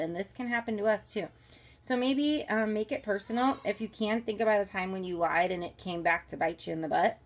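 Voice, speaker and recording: Church kids' ministry lady going over the weekly lesson, upbeat and chatty, bit of vocal fry. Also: mid-range voice, brisk. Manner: upbeat, instructive, talks to volunteers directly; soothes a baby softly mid-lesson. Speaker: children's ministry leader. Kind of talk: recorded training walkthrough for volunteers. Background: crying baby.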